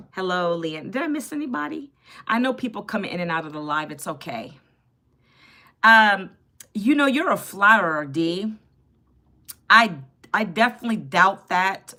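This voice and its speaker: Woman in her 50s doing a live stream on her phone, bright voice, chatty and a bit sassy with the chat. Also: medium pitch. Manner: chatty and sassy, greets viewers and answers chat. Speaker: livestream host.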